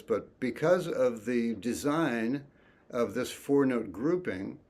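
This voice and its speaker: A man teaching an online music lesson, speaking softly and thoughtfully and chanting rhythm syllables. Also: mid-range voice, background noise.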